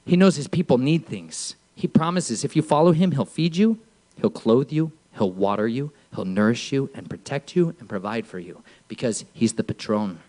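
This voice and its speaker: A man preaching from a church stage, emphatic, swinging from low murmurs to shouts. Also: expressive, moderate pace. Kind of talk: sermon.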